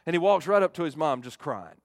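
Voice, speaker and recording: A middle-aged male pastor giving a fervent sermon, swinging from loud emphasis to hushed appeals. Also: a little high, expressive, fast talker, dry recording, clean studio sound.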